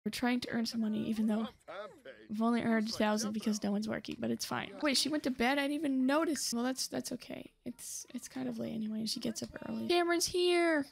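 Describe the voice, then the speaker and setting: A young woman runs a gaming channel, chatting casually as she plays and talking to, even scolding, the on-screen characters. Her voice is a little high and steady, fast-paced, with vocal fry.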